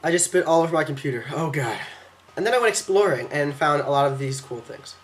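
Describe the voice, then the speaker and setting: A teenage boy telling a quick, excitable vlog story about a trip, slipping into silly voices when quoting people, recorded at his computer. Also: a little high, heavy background noise. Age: teens. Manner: fast, excitable, acts out quotes in silly voices. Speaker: exchange student vlogger.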